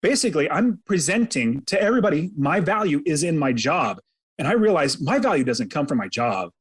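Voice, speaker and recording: A man with a fairly high voice tells a personal story as a podcast guest. He is earnest and dramatic, and he pulls the listener along by recounting events in the present tense. His telling carries a sincere, faith-minded tone. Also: big pitch swings, brisk, husky. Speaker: podcast guest, real estate investor.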